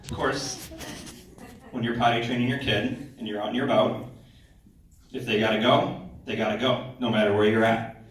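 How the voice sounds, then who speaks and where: A man performing a stand-up comedy set on a theater stage, conversational with deadpan punchlines. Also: mid-range voice, normal speed, pauses often. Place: theater stage, live audience. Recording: echoey hall from far off, audience noise.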